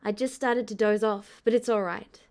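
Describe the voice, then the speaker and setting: A woman's voice: mid-range voice, fairly even intonation, normal speed, natural voice. A woman reading a fan audiobook, voicing a nervous, earnest young male trooper who talks hesitantly. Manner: hesitant, earnest, hushed at times.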